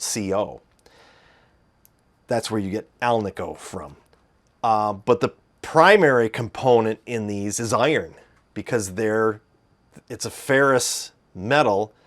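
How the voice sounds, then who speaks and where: A man with a Midwestern accent talking casually about gear, rambling with fillers and restarts. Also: fairly low pitch. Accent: Midwestern American. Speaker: guitar video host. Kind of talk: casual explanatory talk.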